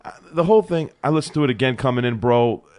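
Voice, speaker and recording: A young man co-hosting a sports podcast in a small studio, talking in an excitable, animated way and calling his partner bro. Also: medium pitch, quick pace. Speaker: co-host. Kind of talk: casual sports talk.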